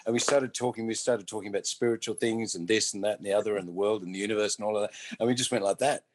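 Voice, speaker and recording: A man's voice: lowish voice, steady tone, rapid-fire. A man chatting as a guest and telling a story with a laugh. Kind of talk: casual chat.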